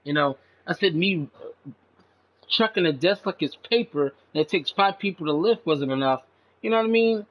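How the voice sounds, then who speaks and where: On a dull, lo-fi recording, a channel host with a high, expressive voice rambles at a moderate pace, cursing casually and tossing in "man." His voice climbs sharply whenever he gets indignant.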